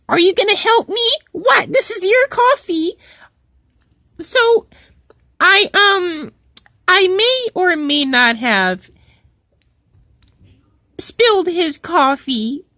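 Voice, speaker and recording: A woman's voice: very high voice, sharp tone, dry recording, studio quality, exaggerated voice. A woman voicing an indignant, preachy female cow office worker in a storytime vlog, rambling with many fillers and restarts. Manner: preachy, quotes Bible verses. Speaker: channel host.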